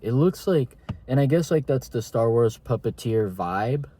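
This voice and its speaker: A man's voice: mid-range voice, expressive, measured pace, warm tone, husky. A young man giving a casual, rambling spoken review of a TV season, slangy and full of filler words. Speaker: TV show reviewer.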